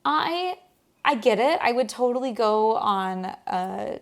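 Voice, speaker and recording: Woman, kinda high voice, rambly storytelling, relaxed chat with her husband. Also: takes it slowly. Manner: chatty, rambling storyteller with many restarts. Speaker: co-host. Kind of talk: casual chat.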